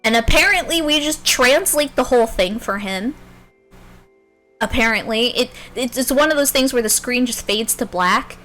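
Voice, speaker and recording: Animated woman streamer recapping a game. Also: fairly high pitch, moderate pace, soft background music. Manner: animated, swears freely, storytelling with acted quotes. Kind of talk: casual game recap chat.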